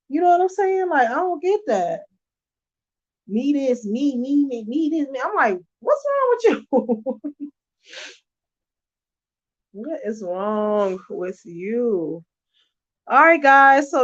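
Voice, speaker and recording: The recording is muffled, carrying a woman's mid-range voice. She's a middle-aged early-childhood teacher speaking casually to camera from her bed at home, emphatic and conversational, and she often asks "you know what I'm saying."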